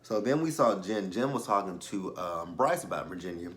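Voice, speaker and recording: A man's voice: low-pitched, animated, normal speed. A man hosting his own channel and recapping a TV episode in loose, profane slang, with lots of fillers and laughs. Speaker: TV episode reviewer, channel host.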